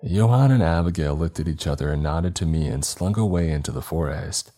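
Horror narrator, male, extremely low and dark voice, measured delivery. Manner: measured, dramatic storytelling.

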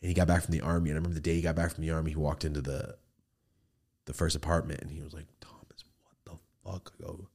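A man hosting a studio podcast, telling animated stories and acting out the people in them. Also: rumbling low, rapid-fire. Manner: animated storyteller, acts out quoted people, swears freely. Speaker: podcast host. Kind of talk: casual storytelling chat.

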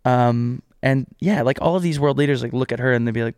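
A man's voice: medium pitch, a little mellow, dry recording. A young man co-hosting a podcast, chatting casually with jokes and rambling asides. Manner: joking, rambling, quick asides. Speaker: podcast co-host. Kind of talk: casual chat.

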